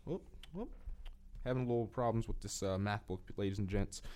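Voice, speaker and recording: Fast-talking, joking young man. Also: fairly low pitch, steady tone, darkish tone, clear, resonant tone. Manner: jokey, sarcastic, rambling. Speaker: student radio co-host. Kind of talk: casual chat.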